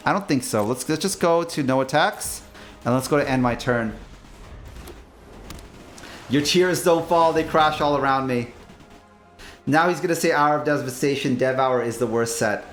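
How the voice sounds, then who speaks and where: A young male VTuber talks through his turns in a digital card game, joking and bantering with chat as he plays. His voice sits a little on the high side. Soft background music plays under his commentary. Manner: playful, jokey, talks to chat. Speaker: VTuber streamer. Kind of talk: casual gameplay commentary. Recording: faint music behind.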